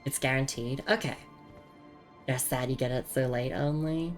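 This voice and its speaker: A young Australian woman streams a game in a loose, chatty way, tripping over and repeating her words. Her Australian voice sits very low. Faint game music plays behind her. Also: fairly even intonation, normal speed. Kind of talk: casual live game commentary.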